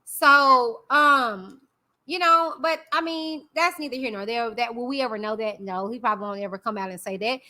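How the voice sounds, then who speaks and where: Bright, high-voiced woman giving blunt commentary. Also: normal speed. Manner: candid, opinionated, talks directly to viewers. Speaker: YouTube commentary host. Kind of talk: casual live-stream commentary.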